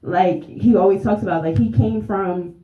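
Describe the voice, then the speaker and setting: A woman's voice: mid-range voice, normal speed. A woman from the audience giving a heartfelt, rambling tribute, then asking a question, with frequent laughs. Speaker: audience member. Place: event room. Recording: roomy, dull lo-fi sound.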